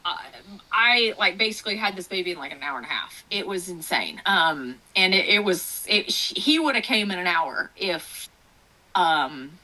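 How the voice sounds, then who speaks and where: Bright, animated woman telling stories. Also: lowish voice, moderate pace, rough recording. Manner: animated storytelling, laughing often, many fillers. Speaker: author guest. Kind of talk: casual interview chat.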